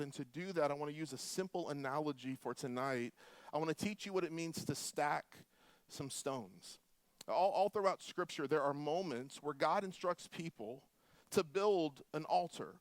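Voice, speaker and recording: A man in his forties from Florida, preaching a sermon with animated, humorous storytelling. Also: fairly high pitch, moderate pace, no room sound. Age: 40s. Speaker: pastor.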